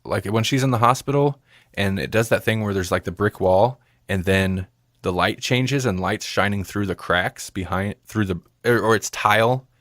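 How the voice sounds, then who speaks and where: A man's voice: on the low side, moderate pace, fairly bright tone, no room sound, clean studio sound. A man co-hosting a movie review podcast, chatting casually and rambling, laughing often. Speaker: podcast co-host.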